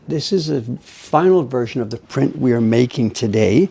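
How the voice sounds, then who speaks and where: An older man talks through his printmaking work in a relaxed, rambling way, often stopping to correct himself. His voice is gravelly and husky, with a mellow, dark tone. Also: mid-range voice. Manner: rambling, self-correcting, chatty. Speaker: printmaker streaming live. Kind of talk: casual live-stream chat while working.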